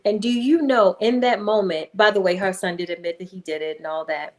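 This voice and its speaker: A woman, a hypnotherapist, speaking as a guest in a conversational interview and telling a story in a calm, emphatic way. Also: medium pitch, a little fast, hardly any pauses. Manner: calm, emphatic, acts out voices in anecdotes.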